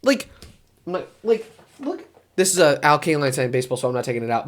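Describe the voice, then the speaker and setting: A man vlogging about sports in a casual, rambling way, his voice jumping high when he gets worked up. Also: sing-song, fairly quick. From Detroit area.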